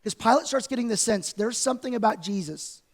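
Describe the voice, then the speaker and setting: A pastor delivering a sermon in a church in a loose, conversational way, retelling scenes with animated asides. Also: male voice, high-pitched, brisk. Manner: conversational, animated storytelling preacher. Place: church sanctuary.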